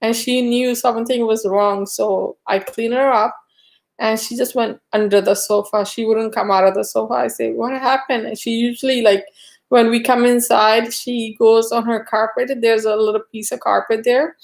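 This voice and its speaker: A woman's voice: little pitch movement, moderate pace, vocal fry. A woman chatting casually on a live stream, telling a rambling story full of fillers. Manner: high cooing baby talk to her dog.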